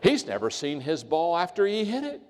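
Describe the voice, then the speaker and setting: An older man speaks as a motivational speaker, spinning funny stories with a lively, swooping delivery. His voice sits a little high for a man. A long reverb from a large hall trails each phrase. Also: normal speed, noisy background. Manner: storytelling, animated, jokey asides. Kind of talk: humorous speech to a live audience.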